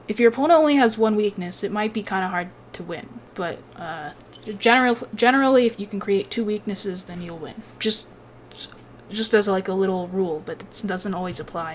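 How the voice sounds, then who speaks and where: A woman's voice: medium pitch, slight background noise. A woman with a Southern American accent, a chess streamer casually analyzing a game, chatty and swearing freely.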